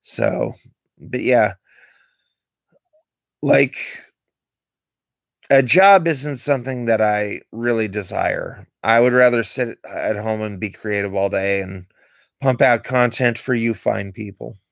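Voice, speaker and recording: A man's voice: on the low side, slow pace, creaky, pauses often, no room sound. A man rambling through candid stories in a late-night livestream monologue, close to his desk mic. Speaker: streamer.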